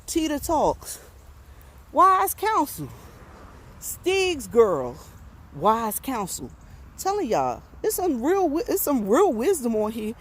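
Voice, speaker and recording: A vlogger walks along a rural road outdoors, chatting casually to livestream viewers on her phone. Her slightly high, somewhat mellow voice moves slowly with huge pitch swings, and she sounds a bit winded, folksy, and preachy. There's a little hiss or hum.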